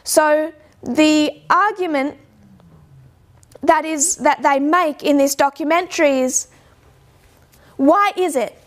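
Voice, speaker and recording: A woman giving an informal lecture, slowing down to stress points and posing rhetorical questions. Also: sits high, fairly even intonation. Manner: measured, slows down to stress points. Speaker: speaker giving a talk.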